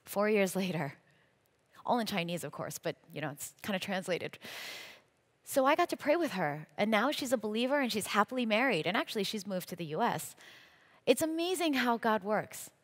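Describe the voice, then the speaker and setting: A woman's voice: mid-range voice, lively intonation, moderate pace. A woman speaking as a guest at a church event, telling her faith stories earnestly and acting out the voices of the people in them. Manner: earnest storytelling, acting out quoted dialogue. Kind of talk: faith testimony talk. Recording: long hall reverb.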